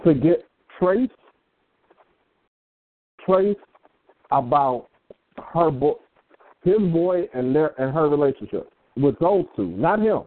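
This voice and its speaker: A man co-hosting an internet radio show, talking in a deliberate, measured and emphatic way. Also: fairly high pitch, expressive. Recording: tinny phone-like line.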